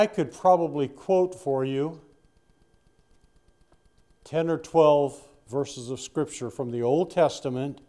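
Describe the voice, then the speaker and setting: Older male preacher, mellow voice, folksy rambling sermon delivery. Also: on the high side. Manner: folksy, rambling with asides and restarts. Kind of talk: sermon Bible teaching.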